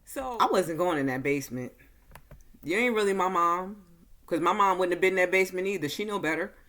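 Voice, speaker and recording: A woman giving a casual movie recap and review, talking slowly and easily, with frequent fillers. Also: on the low side, a bit bright. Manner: slow, easygoing delivery with many fillers.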